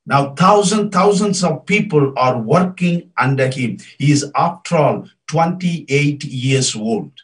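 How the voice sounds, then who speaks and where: A man preaching a sermon, emphatic and rising to loud declarations. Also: a little high, expressive, slow pace, hardly any pauses, recorded from a distance, poor audio.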